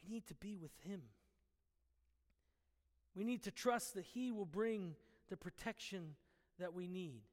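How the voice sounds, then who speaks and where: Guy preaching with a super high voice, earnest but kinda playful, big echoey hall. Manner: earnest teaching with playful, laughing asides. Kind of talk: sermon.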